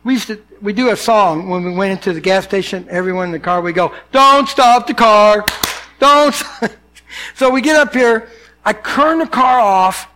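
A man's voice: high-pitched, brisk, slight background noise. An older man, a pastor, preaching a sermon and telling personal stories, acting out the people in them. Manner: animated storyteller, acts out dialogue.

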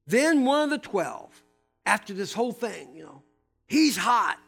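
A male pastor preaching a sermon to a live congregation, animated and emphatic, with casual asides to his listeners. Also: high-pitched, measured pace, vocal fry, breathy edge, soft background music.

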